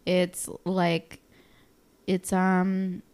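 A young woman co-hosting a podcast in casual chat, quick and laughing. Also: fairly low pitch, monotone, darkish tone, smooth. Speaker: podcast co-host.

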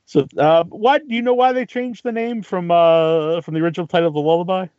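A man from Massachusetts with a standard American accent, hosting an interview in a hesitant way with many pauses and restarts. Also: high voice, darkish tone, dry recording, lo-fi sound. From Cape Cod, Massachusetts. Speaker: podcast host. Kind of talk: casual interview chat.

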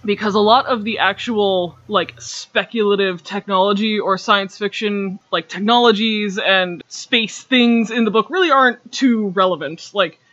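A high-pitched man with a bright, sharp edge talks in a loose, chatty way, with plenty of "like" and laughs slipping in between points. The recording is dull and lo-fi, with a dry, close sound. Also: measured pace, hardly any pauses, dry recording. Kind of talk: casual explanatory chat.

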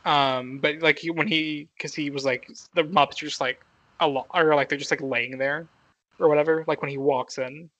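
A man's voice: fairly high pitch, steady tone, moderate pace, a bit bright, no room sound, poor audio. A young man co-hosting a podcast, rambling casually with lots of fillers and frequent laughs. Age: young adult. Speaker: podcast co-host.

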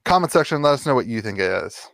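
A man co-hosting a casual podcast chat, explaining in halting starts and restarts. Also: medium pitch, big pitch swings, creaky, fairly bright tone, no echo, studio quality. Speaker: podcast co-host.

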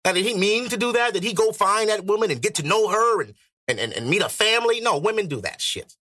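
A man's voice: high-pitched, expressive, quick pace, sharp tone, no room sound, clean studio sound. A man hosting a podcast, arguing his point bluntly in casual, profane chat. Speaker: podcast host.

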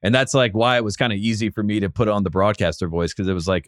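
A man's voice: on the low side, fairly even intonation, quick pace, few pauses, no echo, studio quality. A man in his thirties with a North Carolina Southern accent, hosting a podcast in casual chat, rambling with lots of fillers. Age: 30s. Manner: rambling, filler-heavy, laid-back. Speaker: podcast host.

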